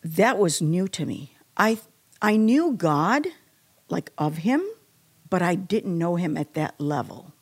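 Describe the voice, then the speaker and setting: With a fairly low, breathy-edged voice and a slow pace, a woman recounts her personal faith journey as a testimony. She tells it with feeling, animatedly performing the quotes.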